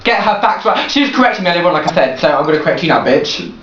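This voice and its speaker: A young man with a high voice that swoops up and down tells work stories in a teasing, animated way, laughing as he goes. The sound is dull and lo-fi, with a faint hiss in an echoey room. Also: racing. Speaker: vlogger. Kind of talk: casual chat.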